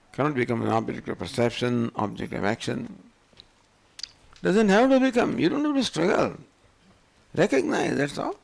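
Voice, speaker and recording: A swami teaching scripture, an older man, keeps posing rhetorical questions to his audience in an animated spiritual lecture. He has a gravelly, mid-range voice.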